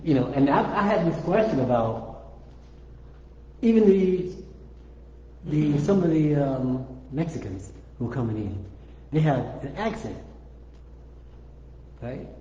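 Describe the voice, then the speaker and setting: Slow, patient man teaching in echoey room. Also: fairly high pitch, animated, warm tone. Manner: slow, repeats sounds patiently. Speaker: Arabic teacher. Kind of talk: informal language lesson. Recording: echoey room, dull lo-fi audio.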